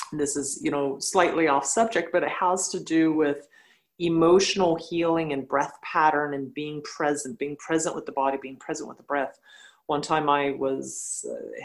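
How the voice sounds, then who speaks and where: A woman, a yoga teacher, speaking bluntly and telling animated stories in a casual podcast conversation. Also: sits low, low-quality recording.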